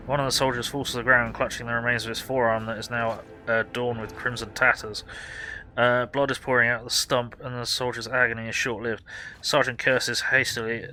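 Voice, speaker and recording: A man's voice: mid-range voice, sharp tone, low-quality recording. A man playing through a role-playing game, reading the story text aloud and swearing at times.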